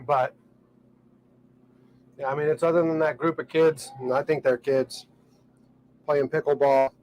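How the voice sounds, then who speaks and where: A man with a drawl talks in a loose, easygoing vlog ramble, full of ums and restarts. His voice sits a little higher than most men's. He is recording outdoors on a boat at a dock. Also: measured pace, low-quality recording. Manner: relaxed, rambling, with many fillers. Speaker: vlogger. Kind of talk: casual vlog talk.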